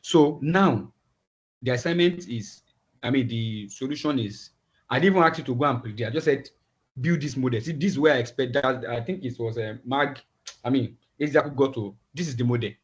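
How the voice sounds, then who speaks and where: A man teaching a class online, talking in halting phrases and often repeating words as he thinks aloud. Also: medium pitch. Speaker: instructor. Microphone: video call. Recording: dull lo-fi video call audio.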